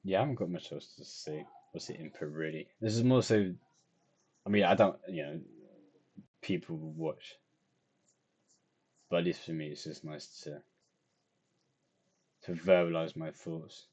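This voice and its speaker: A man's voice: low-pitched, measured pace, pauses often, darkish tone, husky. A tired young man, rambling and self-deprecating as he talks through his drawing in a casual video diary. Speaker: vlogger.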